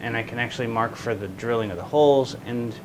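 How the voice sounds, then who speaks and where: A man's voice: mid-range voice, fast, slight background noise, low-quality recording. A man hosting a casual workshop vlog, rambling with frequent restarts and amusing himself by talking in a made-up accent. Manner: talks in a made-up silly accent. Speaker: guitar builder hosting a workshop channel. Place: woodworking shop.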